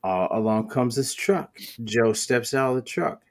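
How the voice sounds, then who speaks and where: A man's voice: medium pitch, animated, unhurried. A man hosting a podcast, telling a story in casual, profane chat. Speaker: podcast host.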